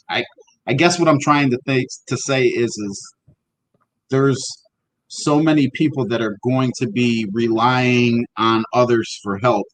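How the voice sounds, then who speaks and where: A man co-hosting a casual history podcast, speaking bluntly with swearing and halting restarts. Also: medium pitch, no echo, rough recording. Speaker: podcast co-host.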